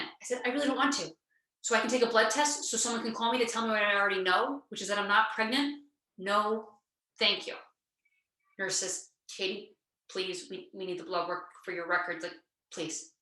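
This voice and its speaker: Bright-voiced woman telling a funny story. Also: on the high side. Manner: lively, acts out dialogue with quick asides. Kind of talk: humorous personal storytelling. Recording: echoey room sound.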